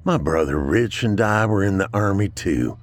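A man reading aloud and voicing a firm, gruff male army veteran who speaks tersely. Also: low-pitched, expressive, moderate pace.

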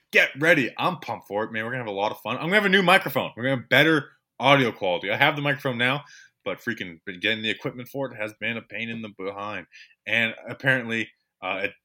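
Bright-voiced man hosting a sports podcast. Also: medium pitch. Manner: animated, repeats himself. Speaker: podcast co-host. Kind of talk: casual sports podcast chat.

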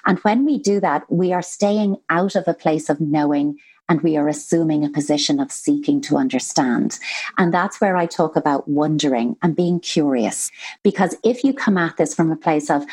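Lower-pitched woman explaining earnestly. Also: normal speed, a little mellow, husky. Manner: earnest, explanatory, acts out quoted voices. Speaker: guest psychotherapist. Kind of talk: conversational podcast interview.

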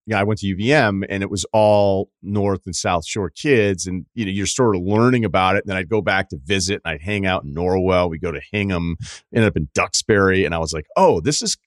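Male podcast host from coastal Massachusetts, low-pitched, loose and joking, close dry mic. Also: fairly quick, dry recording. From Martha's Vineyard, Massachusetts. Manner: loose, joking, swears freely. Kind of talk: casual podcast chat.

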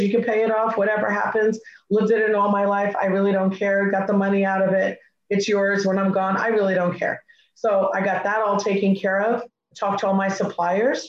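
A middle-aged woman recounting a story with energy, slipping into quoted dialogue as she goes. Her voice sits at an ordinary pitch and sounds a little dull, as if recorded with limited fidelity. The room around her adds a noticeable echo. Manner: animated, acts out her own past dialogue. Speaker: guest speaker. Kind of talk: personal storytelling. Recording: echoey, slightly muffled recording.

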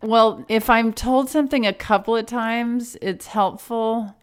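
A woman co-hosting a podcast in casual banter, with a dry, deadpan delivery. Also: fairly high pitch, measured pace, clean tone. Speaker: podcast co-host.

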